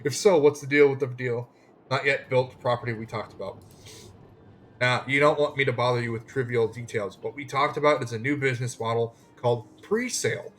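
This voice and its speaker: A man reading out a scheming woman property agent from a game, all smooth sales talk and big claims. The voice sits in a middling register and stays plain, as if read straight off the screen. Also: medium pitch, steady tone, fairly quick, a bit bright, a little hiss or hum, natural voice. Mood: salesy. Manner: plain read-aloud, no put-on voice.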